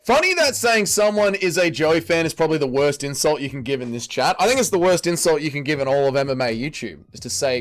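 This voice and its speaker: A man's voice: fairly high pitch, lively intonation, quick pace, few pauses, faint music behind. A man with an Australian accent hosting a casual livestream, reading chat comments aloud and answering them in a blunt, crude, bantering way.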